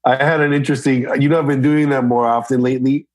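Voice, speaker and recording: A man talking casually as a coaching client, animated and laughing easily. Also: medium pitch, fast talker. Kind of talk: casual chat.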